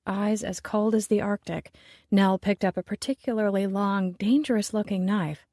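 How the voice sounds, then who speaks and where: A woman narrating a romance audiobook in the first person, with measured, wry storytelling. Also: mid-range voice, steady tone, darkish tone, dry recording, clean studio sound.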